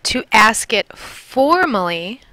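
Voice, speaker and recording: A woman's voice: fairly high pitch, very animated, slow pace, pushed and bright, no room sound. A woman from Milwaukee, Wisconsin, teaching a Spanish lesson, patiently repeating and drilling words. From Milwaukee, Wisconsin, USA. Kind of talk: recorded classroom lesson.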